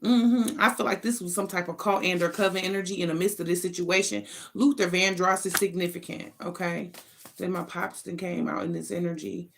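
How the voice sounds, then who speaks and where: A woman's voice: fairly low pitch, fairly quick, vocal fry, a bit bright, slight background noise. A woman giving a casual spiritual card reading to her viewers, blunt and profane, talking in emphatic, sassy bursts and thinking aloud between them. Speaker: tarot card reader.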